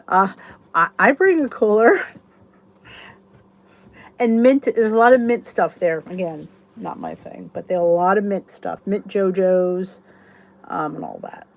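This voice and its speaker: A woman's voice: mid-range voice, expressive, unhurried, gravelly, pauses often. A middle-aged woman hosting her channel, chatting casually and enthusiastically to viewers in a rambling way. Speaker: YouTube channel host.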